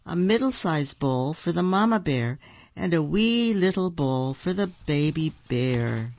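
A storyteller reading picture books aloud to children, slow and gentle, with asides to the listeners. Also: medium pitch, expressive, dry recording. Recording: dull lo-fi recording.

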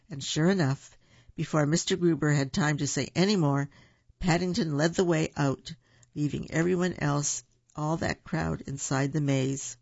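A storyteller reading a children's storybook aloud in a gentle, playful way, in a dull, dry recording. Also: medium pitch, fairly even intonation, moderate pace, gravelly, no echo.

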